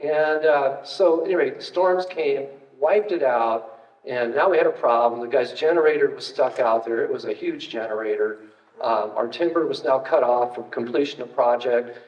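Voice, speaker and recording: A man's voice: medium pitch, moderate pace, a little mellow. An older man, a retired archaeologist, giving a casual, anecdotal public talk with slides, full of fillers and wry asides. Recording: distant, roomy, dull hall recording.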